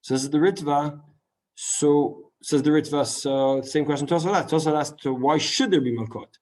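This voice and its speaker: A man teaching a Talmud class in a lively lecture style, full of rhetorical questions and quick asides. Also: on the high side. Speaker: Torah teacher.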